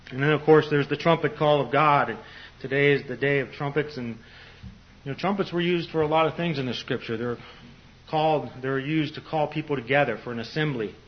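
A man's voice: on the high side, fairly quick. Older man giving a loose Bible talk. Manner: conversational, many "you know" fillers and restarts. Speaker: preacher. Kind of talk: informal Bible teaching. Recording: slightly dull lo-fi recording.

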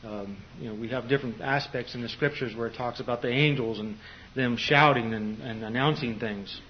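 A man's voice: medium pitch, brisk, a little hiss or hum. Older man giving a loose Bible talk. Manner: conversational, many "you know" fillers and restarts. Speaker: preacher. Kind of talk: informal Bible teaching. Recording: slightly dull lo-fi recording.

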